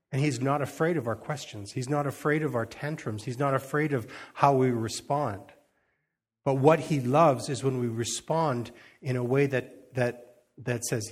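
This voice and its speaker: A man's voice: mid-range voice, moderate pace. A man giving an informal sermon, reading scripture and retelling it in a conversational way, acting out the quotes and chuckling as he goes. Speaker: preacher.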